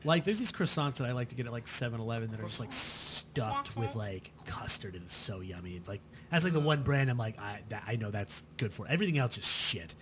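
A man's voice: mid-range voice, a little fast, hardly any pauses, a loud crowd. A man co-hosting a podcast, ranting in casual chat and swearing often. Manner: animated, swearing rants. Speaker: podcast co-host.

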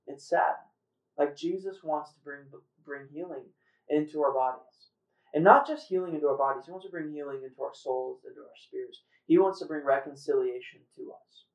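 A host telling a faith story in a casual, earnest way, with fillers and restarts. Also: medium pitch. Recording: roomy echo, far from mic.

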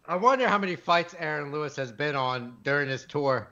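A man with a high, bright, forward voice trades loose, profane banter on a podcast, laughing easily and swearing constantly. His audio comes through a video call and sounds slightly muffled and lo-fi. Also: expressive, fairly quick. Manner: laughs often, swears freely, riffs in quoted voices. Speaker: podcast co-host.

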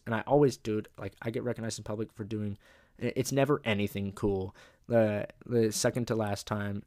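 A young man tells a rambling story in a relaxed, profanity-laced way. His voice is low and gravelly, and it sounds close and dry, with no room around it. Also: no room sound. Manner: profane, laid-back storytelling with lots of filler. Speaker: podcast host. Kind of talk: casual storytelling monologue.

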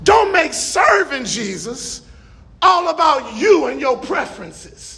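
A middle-aged male pastor preaching a sermon in a church, emphatic and folksy, now and then shouting a stressed word. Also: extremely high pitch, big pitch swings, slow, creaky. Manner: folksy asides to the congregation.

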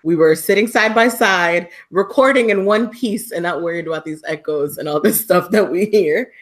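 A woman co-hosting a podcast live, chatting in an upbeat, excitable way and laughing easily. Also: fairly low pitch, normal speed. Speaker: podcast co-host. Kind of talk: casual live-stream chat.

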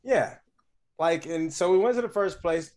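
A man co-hosting a casual podcast, swearing freely as he tells stories in an animated way. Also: high voice, moderate pace. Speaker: podcast co-host. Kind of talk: casual chat.

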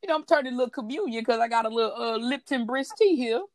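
A woman's voice: a little high, expressive, fast talker, darkish tone, no room sound, studio quality. A woman co-hosting a faith talk broadcast, chatty and laughing often as she talks. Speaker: podcast co-host. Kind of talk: casual faith talk chat.

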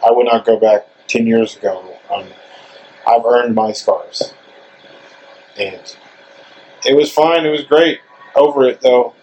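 A man hosting a relaxed outdoor podcast interview, talking in a chatty, joking way. He wanders into rambling asides and keeps the questions loose and playful. His voice sits at an ordinary middle pitch. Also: takes it slowly, pauses often, highs cut off, a little hiss or hum. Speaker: podcast host. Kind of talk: casual interview chat. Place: outdoors in front of a store.

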